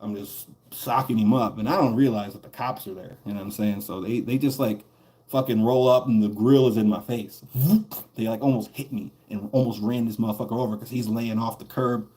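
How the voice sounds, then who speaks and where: A man's voice: fairly low pitch, fairly even intonation, a little fast, warm tone. A man streaming a game while telling a story in a casual, profane, rambling way, laughing between lines.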